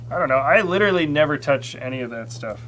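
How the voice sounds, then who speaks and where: A man co-hosting a live build stream, chatting casually in a relaxed, rambling way with lots of fillers. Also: fairly high pitch, quick pace, poor audio. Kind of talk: casual chat while building.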